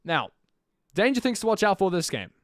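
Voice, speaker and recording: A young man live-streaming his own commentary on an esports match, chatty with jokey asides and bursts of energetic play-by-play. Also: high-pitched, a little fast, dry recording, clean studio sound.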